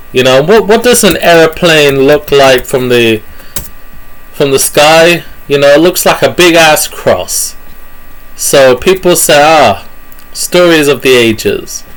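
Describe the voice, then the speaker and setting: A man's voice: fairly high pitch, a bit bright, low-quality recording. A man with a British accent giving a jokey, rambling monologue about pictures on screen, full of fillers and self-corrections. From Britain.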